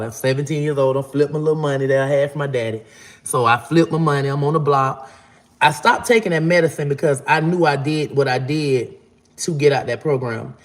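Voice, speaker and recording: A man, casually telling a long, profane story. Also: medium pitch. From Florida. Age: 40s. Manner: profane, rambling, acts out quotes in a raised voice. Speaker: vlogger.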